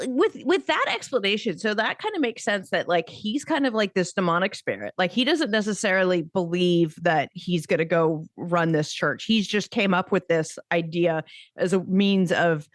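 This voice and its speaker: A woman's voice: lowish voice, animated, normal speed, dry recording. A woman co-hosting a podcast in casual chat, rambling with frequent restarts and laughs. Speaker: podcast co-host.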